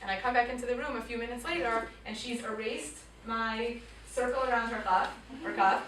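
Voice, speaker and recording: A woman in her thirties, a teacher telling a lively personal story to a school audience, acting out voices and dropping to quiet tones. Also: fairly high pitch, brisk, slight background noise. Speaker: teacher speaking to students. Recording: echoey room picked up from far off.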